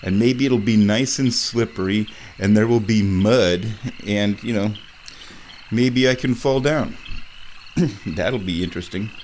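A man's voice: on the low side, measured pace, a little mellow, a little hiss or hum. A man hosting a casual vlog, making tea in his kitchen and talking playfully to himself as he goes. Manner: playful, talks to himself while working, hums. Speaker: vlog host. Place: house, kitchen indoors.

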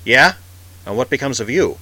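Tough male outlaw, blunt and tense, bright forceful tone; a man reads the part. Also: medium pitch, lively intonation, moderate pace, low-quality recording. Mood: hard. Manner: hard, clipped and insistent.

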